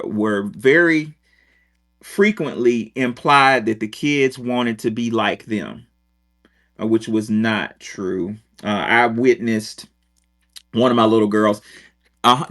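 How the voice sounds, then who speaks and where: This is a middle-aged man telling a long story in casual chat. He swears often and wanders off into asides while his voice sits at an ordinary middle pitch. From Rochester, New York. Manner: profane, digressive, animated. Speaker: podcast host, former teacher.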